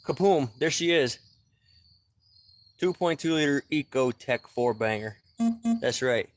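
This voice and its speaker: Speaking at a measured pace in a mid-range voice, a man breathlessly talks viewers through a backyard car repair on a livestream. The chat is casual, loose and rambling, and he greets people by name as he goes.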